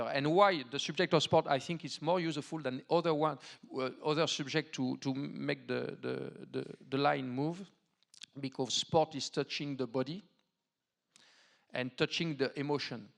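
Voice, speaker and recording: French-accented man, federation president giving a stage welcome, gravelly and halting. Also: medium pitch, steady tone. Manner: halting, many fillers and restarts, earnest. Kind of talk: formal welcome speech. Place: large hall stage.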